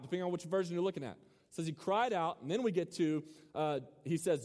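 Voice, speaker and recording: A man's voice: high voice, lively intonation, a little fast, darkish tone. Young man preaching in an echoing hall. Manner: casual, joking, quizzes the audience. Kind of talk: sermon to a student crowd. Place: large hall with a live audience. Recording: hall reverb.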